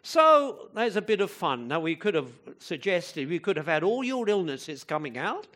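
A man's voice: high-pitched, very animated, normal speed, fairly bright tone. A man preaching a sermon in a conversational way, often asking the listeners rhetorical questions, with occasional emphatic bursts.

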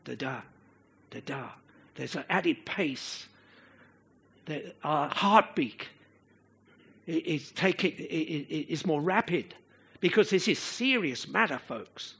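A man preaching a sermon to a congregation, slow and expressive, sometimes chanting out the rhythms of verse. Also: fairly high pitch, gravelly, breathy edge.

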